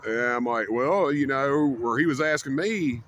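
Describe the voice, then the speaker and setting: A man's voice: mid-range voice, moderate pace, a bit bright, a little hiss or hum. A young man telling a rambling, profane story to camera as a casual rant. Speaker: vlogger.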